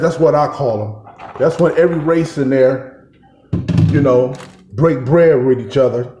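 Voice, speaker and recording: A man from Oakland telling prison stories in a streetwise, animated way while he cooks, growing heated as he tells of confrontations. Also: medium pitch. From Oakland, California. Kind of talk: casual storytelling while cooking. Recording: very echoey room, faint noise.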